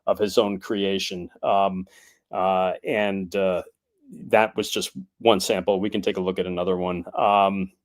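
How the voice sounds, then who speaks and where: Low-voiced man hosting a relaxed live stream. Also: measured pace. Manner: hesitant, lots of ums and uhs, reads chat aloud. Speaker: live stream host presenting archival clips. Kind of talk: casual live stream chat.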